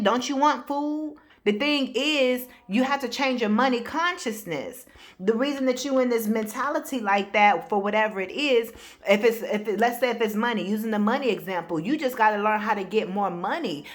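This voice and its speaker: Higher-voiced woman coach giving a pep talk straight to you, blunt and emphatic. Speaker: spiritual life coach. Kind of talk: casual motivational talk.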